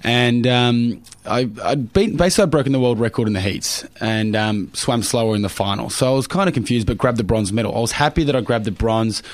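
Fields: quick-talking young Australian man, dry sound. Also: medium pitch, no echo. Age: young adult. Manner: cheeky, jokey anecdotes with many fillers. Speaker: guest, Paralympic swimmer. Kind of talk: casual interview storytelling.

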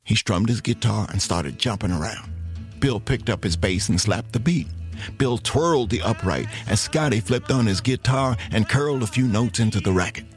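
A man narrating a story in an expressive, dramatic way. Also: lowish voice, moderate pace, soft background music.

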